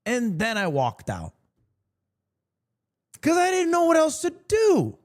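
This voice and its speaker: A man's voice: extremely high pitch, slow pace. A man streaming live, chatting casually and telling jokey stories with lots of swearing. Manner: animated, joking storyteller with frequent swearing.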